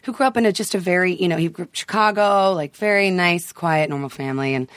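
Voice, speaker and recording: A man chatting as a podcast guest, telling lively stories and often breaking into laughs. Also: sits high, fast talker, clear, resonant tone, dry recording, clean studio sound. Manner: chatty, animated storyteller with frequent laughs. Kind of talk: casual chat.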